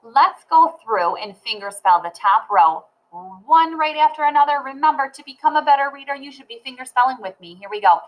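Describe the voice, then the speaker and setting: A woman teaching a phonics lesson to children, sounding out letters and words slowly and clearly. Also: high voice, lively intonation, poor audio.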